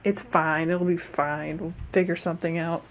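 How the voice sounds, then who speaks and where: A young adult woman filming a casual vlog, chatty and playful and quick to laugh, talking from behind a handheld camera. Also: lowish voice, fairly even intonation, a little hiss or hum, rough recording. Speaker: vlogger.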